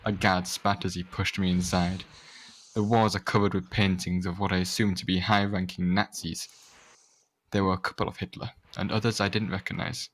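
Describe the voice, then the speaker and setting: A man's voice: sits low, little pitch movement, normal speed. A young man reading a fanfic aloud to friends in a sarcastic, overacted way, now and then tripping over words. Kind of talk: mocking dramatic read-aloud.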